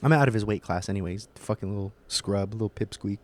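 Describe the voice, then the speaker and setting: A man's voice: on the low side, fast talker. A young man hosting his own podcast, ranting in a casual, heated and profane monologue with emphatic swings. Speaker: podcast host.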